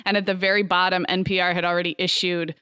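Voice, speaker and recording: Chatty woman with a smooth voice. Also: fairly low pitch, flat delivery, pushed and bright, no room sound, studio quality. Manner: chatty, laughs often, quick asides. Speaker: podcast co-host. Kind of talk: casual chat.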